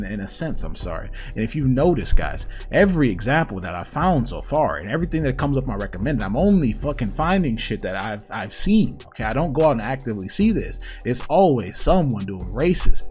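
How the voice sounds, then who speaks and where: Host, male, low-pitched, blunt irritated rant to camera, soft music underneath. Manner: blunt, irritated, swears, addresses viewers as guys. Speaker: commentary host. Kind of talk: casual ranting commentary.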